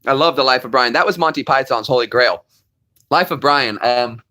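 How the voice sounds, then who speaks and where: A man's voice: mid-range voice, moderate pace, sharp tone. A man hosting his own channel, chatting casually with viewers, laughing often and quoting comedy films. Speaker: channel host.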